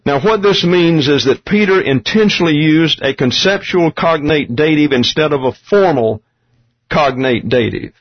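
Methodical male Bible teacher, husky voice. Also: fairly high pitch, moderate pace. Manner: methodical, explains terms step by step. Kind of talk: Greek grammar Bible study lesson. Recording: dull lo-fi recording.

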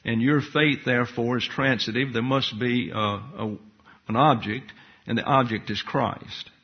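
A man with a slightly husky voice teaches scripture point by point, methodical and deliberate as he parses each word. The recording sounds dull and muffled, like an older lo-fi tape. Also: mid-range voice, steady tone. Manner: methodical, enumerating points and parsing Greek words. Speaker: bible teacher. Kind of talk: expository Bible teaching.

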